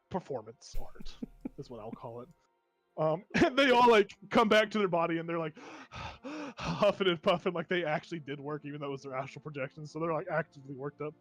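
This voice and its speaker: A man's voice: on the high side, a bit bright. A man narrating as game master of a tabletop game, rambling with amusement and plenty of fillers.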